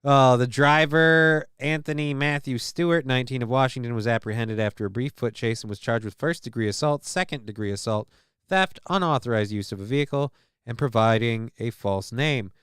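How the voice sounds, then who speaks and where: A man's voice: mid-range voice, fairly quick, a bit bright, clear, resonant tone, no echo, clean studio sound. A man hosting a casual news show, reading stories aloud and riffing on them with irreverent, profane asides. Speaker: show host.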